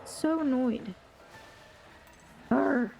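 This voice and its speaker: A woman's voice: high voice, drawn-out words, gravelly, a little mellow, a little hiss or hum. A young woman streaming a game, chatting casually with viewers in a rambling, swearing, off-the-cuff way. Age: young adult. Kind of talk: casual live-stream chat while gaming.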